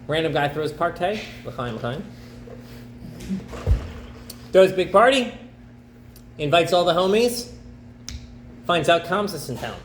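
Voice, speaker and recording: Animated rabbi in an echoey room. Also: male voice, fairly high pitch, a little hiss or hum. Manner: animated, acts out characters in quick bursts. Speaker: rabbi teaching a class. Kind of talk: lively storytelling lecture. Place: campus center classroom.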